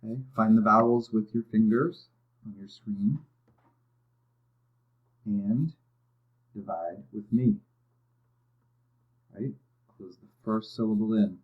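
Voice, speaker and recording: A man teaching a phonics lesson, explaining step by step and often checking in with "okay". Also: lowish voice. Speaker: reading teacher. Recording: dull lo-fi audio.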